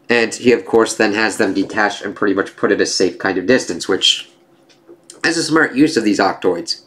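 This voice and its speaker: A man with a low voice casually reviewing a comic issue, chatting and reacting as he goes. He is loose and excitable, with some swearing. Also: moderate pace. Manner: casual, profane, excitable commentary.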